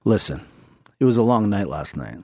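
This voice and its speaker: A man's voice: on the low side, sing-song, moderate pace, darkish tone. A man co-hosting a wrestling chat show, playful and emphatic as he throws out questions to the others. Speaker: co-host. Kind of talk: casual sports chat.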